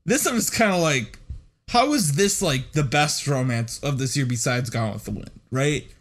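A man co-hosting a casual film podcast, animated and laughing often with quick asides. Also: fairly high pitch. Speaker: podcast co-host. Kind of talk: casual chat.

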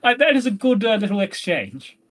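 In a high, sing-song voice that's brisk and slightly bright, a man co-hosting a podcast chats loosely about a play. The literary discussion is casual, and he rambles, full of fillers and hedges.

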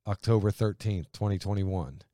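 A man, a pastor, talking through scripture in an earnest conversational way, building to emphatic points and dropping low. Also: normal speed, warm tone, dry recording, studio quality. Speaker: pastor co-host.

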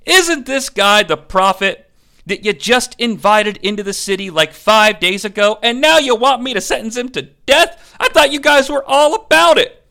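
A man's voice: very high-pitched, animated, moderate pace, vocal fry, sharp tone, exaggerated voice. Man doing a crude, bored roman governor. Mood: irritated. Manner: blunt, crude, bored interrogating. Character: sneering roman governor, irritable and profane.

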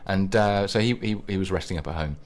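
A man co-hosting a radio show, chatting casually and rambling with many pauses and restarts. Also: sits low. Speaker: radio co-host.

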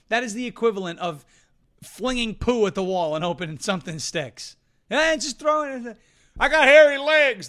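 A man's voice: high-pitched, pushed and bright. A man hosting a live political commentary stream, brash and mocking as he jumps from topic to topic. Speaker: show host.

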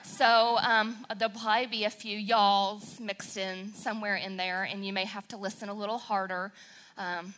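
A bright, forceful woman with a southern Wisconsin accent who is preaching at church as the pastor's wife. She tells her stories with sass and excitement, and she lets her feelings show. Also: medium pitch, normal speed. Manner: sassy, excitable, emotional storytelling. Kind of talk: sermon.

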